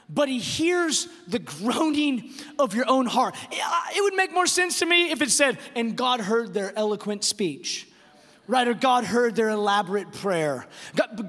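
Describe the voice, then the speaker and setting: A pastor preaching a sermon, emphatic and repeating words, slowing down to stress key phrases. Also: male voice, extremely high pitch, a bit bright. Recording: long reverb of a large hall.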